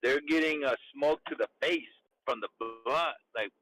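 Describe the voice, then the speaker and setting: A man's voice: mid-range voice, moderate pace, a bit bright, faint music behind, rough recording. A man hosting a live crypto stream, chatting casually and bluntly, swearing often and retelling phone calls with friends. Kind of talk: casual profane chat.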